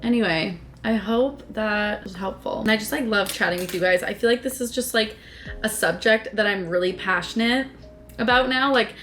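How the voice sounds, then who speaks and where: A woman's voice: medium pitch, normal speed, a bit bright, soft background music. A young woman vlogger chatting casually to her viewers, gushing and filling her talk with "like". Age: young adult. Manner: gushing, chatty, says "like" constantly. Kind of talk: casual chat to camera. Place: home, then in a car.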